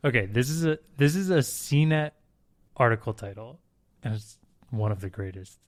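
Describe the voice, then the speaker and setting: A man co-hosting a podcast in casual chat, laughing and excitedly telling stories, in a hotel room. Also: medium pitch, moderate pace. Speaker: podcast co-host.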